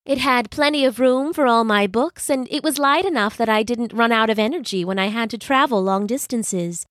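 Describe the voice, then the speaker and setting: A woman voicing a sensible, bookish young hermit crab girl who talks in a gentle, reassuring way, in a storybook reading. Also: fairly high pitch, moderate pace, dry recording, studio quality, close to an everyday voice.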